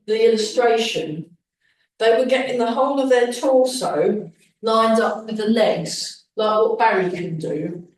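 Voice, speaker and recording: A woman with a rather high voice leads a beginners' tai chi class, giving calm breathing cues and chatting between movements. She's recorded from far off in a very echoey hall, with a little hiss or hum.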